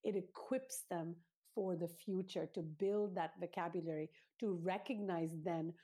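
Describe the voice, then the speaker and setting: A woman with a slightly husky, low-pitched voice speaks as a guest in an interview. Her tone is dark and mellow. She lays out her points in an earnest, teacherly way, step by step. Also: steady tone, unhurried. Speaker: parenting author, guest. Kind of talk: explanatory interview talk.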